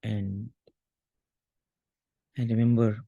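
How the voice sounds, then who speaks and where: A man, an interview guest, talking in an earnest, halting way with frequent restarts as he recounts a personal memory. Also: fairly low pitch, flat delivery, gravelly, breathy edge, dry recording, narrow, tinny audio. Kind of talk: emotional personal reminiscence.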